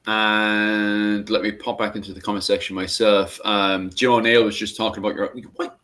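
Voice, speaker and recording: Teasing host with a North Cork accent. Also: male voice, fairly low pitch, level tone, moderate pace, sharp tone. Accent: North Cork Irish. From Cork and Limerick area, Ireland. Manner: joking, teasing. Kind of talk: casual podcast chat.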